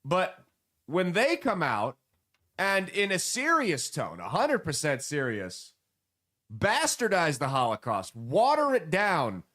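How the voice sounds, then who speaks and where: A man hosting a political commentary show, animated and sarcastic, mocking the people he quotes. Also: on the high side, takes it slowly. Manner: animated, sarcastic, mocking voices when quoting.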